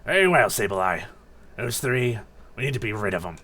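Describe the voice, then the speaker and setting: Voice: medium pitch, sing-song, normal speed, sharp tone, full character voice. A streamer voicing a looming ghostly boss who gives stern, commanding orders. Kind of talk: reading game dialogue aloud.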